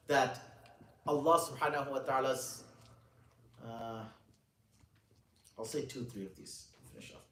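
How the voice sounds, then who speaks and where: A man, an Islamic scholar, giving a religious lecture to a gathering. He tells stories casually, then slows down and speaks with emphasis when he explains sayings. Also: a little high, a bit bright. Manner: casual, conversational storytelling with frequent "you know" and restarts. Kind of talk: religious lecture with a storytelling anecdote. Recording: roomy, distant mic with faint ambience.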